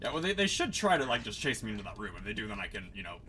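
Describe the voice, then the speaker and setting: Animated bright-voiced man commentating gameplay. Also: lowish voice, very fast, slight background noise. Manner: animated, swears and laughs at his own mishaps. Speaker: streamer playing a game.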